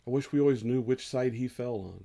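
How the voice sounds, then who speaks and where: A man in his fifties, a pastor, speaking earnestly and slowly in a devotional sermon and reading scripture aloud. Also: medium pitch, dark tone. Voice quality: gravelly, husky. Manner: slow, earnest, rises on emotional lines.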